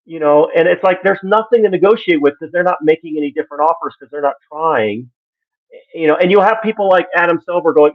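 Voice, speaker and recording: An exasperated man gives live-stream commentary, acting out the people he quotes. His voice sits a little high, and it comes through a tinny, phone-like line. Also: fast talker. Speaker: sports commentator.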